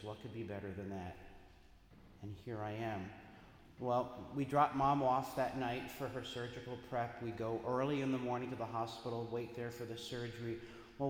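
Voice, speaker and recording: A middle-aged man preaching as a priest, telling stories with big swings from hushed to loud. His voice rings through a large, reverberant church with a long tail. A faint hum of the room sits behind him. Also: mid-range voice. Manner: animated storyteller with sharp swings in loudness. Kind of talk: sermon storytelling. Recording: echoey church hall with faint ambience.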